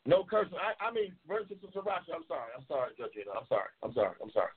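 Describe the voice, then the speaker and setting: A man's voice: a little high, very animated, racing, husky. A man hosting a live call-in talk show, trash-talking and teasing callers with lots of cursing. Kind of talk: casual live call-in banter. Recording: tinny phone-line sound.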